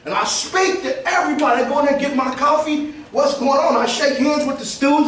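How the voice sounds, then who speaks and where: High-voiced preacher in an echoey church. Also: male voice, fast talker, hardly any pauses, a little hiss or hum. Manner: animated storytelling with call and response. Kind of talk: sermon. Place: church sanctuary. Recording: distant echoey church recording.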